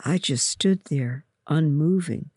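A reader with a gravelly voice telling a story in first person, slowly and deliberately. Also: medium pitch, a little mellow, no room sound.

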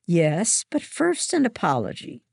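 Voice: mid-range voice, huge pitch swings, a little slow, vocal fry, darkish tone, slightly rough, dry recording, studio quality, pitched above the performer's own voice, heavily acted. A reader voicing a stern, strict boarding-school matron who scolds and gives orders, in a storybook reading. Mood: stern scolding. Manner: scolding, commanding.

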